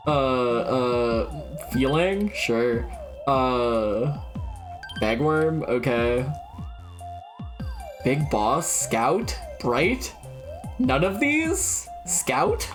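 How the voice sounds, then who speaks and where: A young woman streaming a game, blurting out guesses, swearing freely and laughing at herself. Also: very deep voice. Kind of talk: casual gameplay commentary.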